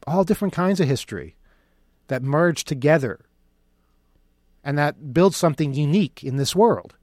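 A man's voice: fairly high pitch, lively intonation, normal speed, a little mellow, no echo, clean studio sound. Sarcastic man delivering a commentary. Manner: sarcastic, mocking. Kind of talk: opinion monologue.

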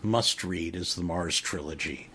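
A middle-aged man hosting a radio interview, talking in a rambling, halting way with many fillers. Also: low-pitched, sharp tone, slight background noise. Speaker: radio host.

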